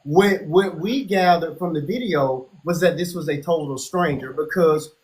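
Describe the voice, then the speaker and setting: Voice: mid-range voice, normal speed, a little mellow, rough recording. This is the host of a live-streamed interview, asking questions and addressing the audience in a mid-range voice. The host talks in a hesitant way, stammering and repeating words before getting them out.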